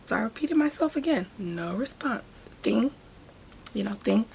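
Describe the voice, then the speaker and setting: A woman hair braider telling a story in a casual, animated vlog. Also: a little high, measured pace, creaky, a little hiss or hum. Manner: animated storytelling, talks with hands.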